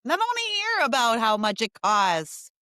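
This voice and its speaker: A woman's voice: fairly high pitch, very animated, moderate pace, bright, forceful tone, clear, resonant tone, no echo, clean studio sound. A woman hosting a podcast, giving a blunt, fired-up opinion monologue full of emphatic repetition. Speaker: podcast host.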